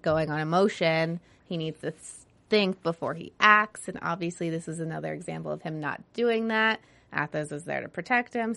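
A woman's voice: low-pitched, creaky, a bit bright. A woman co-hosting a TV recap show, chatting casually and filling her talk with "like". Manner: chatty, many fillers like "like". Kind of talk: casual chat.

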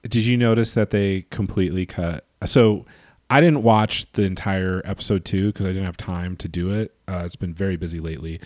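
A man co-hosting a podcast, chatting casually with quick jokey asides. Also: sits low, steady tone, darkish tone, no room sound, studio quality. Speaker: podcast co-host. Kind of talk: casual chat.

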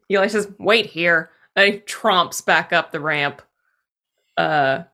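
A woman taking part as a player in a tabletop game, asking quick questions and laughing easily. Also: lowish voice, bright, forceful tone.

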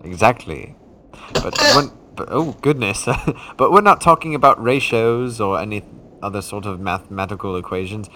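A man doing a prim, giggly British gentleman. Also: on the low side, normal speed, noisy background, lightly acted. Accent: put-on British. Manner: dry, prim agreement, giggly. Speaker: podcast co-host. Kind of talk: comedic podcast character chat.

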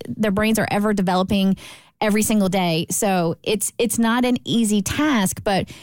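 A woman's voice: mid-range voice, a little mellow, no echo. A woman co-hosting a talk radio show, explaining her views earnestly and firmly. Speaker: radio co-host. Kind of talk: casual talk radio discussion.

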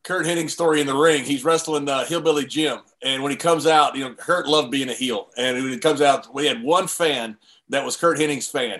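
A man hosting a relaxed conversation, with a voice pitched somewhat high for a man. He reminisces easily and breaks into laughter often. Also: a little fast. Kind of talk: casual chat.

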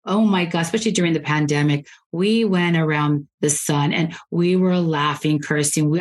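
A woman podcast host telling stories in a blunt, animated way, acting out what people said. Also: low-pitched, low-quality recording. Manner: blunt, animated storytelling, acts out quotes. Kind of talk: casual interview chat.

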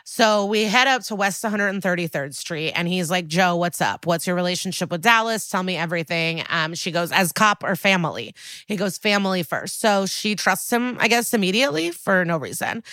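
A woman co-hosting a podcast, casually recapping a TV episode and quoting characters in lively bursts. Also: on the low side, normal speed, no echo, clean studio sound. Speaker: podcast co-host.

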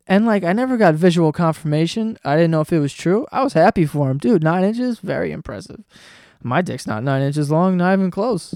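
A man hosting a comedy podcast, telling a story in a casual, excitable way, swearing often and breaking into laughter. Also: high voice, brisk, dry recording, clean studio sound.

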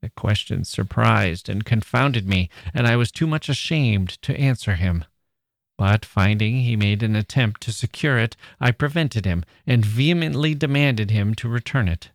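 A podcast host, a man, reading a passage from an old novel in a measured, expressive way. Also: lowish voice, no room sound, clean studio sound.

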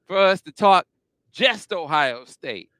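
A man hosting a casual sports show in an energetic, emphatic, playful style on a close mic. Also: sits high, takes it slowly, no room sound. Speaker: podcast host.

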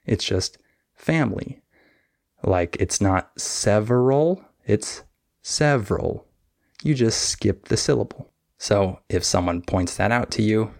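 A man teaches pronunciation in a podcast lesson, laying out each point patiently, one step at a time. His voice sits fairly low and carries a gravelly, creaky edge. He speaks at an unhurried, deliberate pace. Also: darkish tone.

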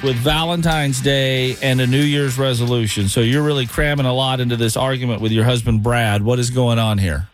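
A man's voice: mid-range voice, fairly even intonation, fairly quick, hardly any pauses, soft background music. A man hosting a morning radio show in a studio, with upbeat, joking banter. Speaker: radio host. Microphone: studio microphone.

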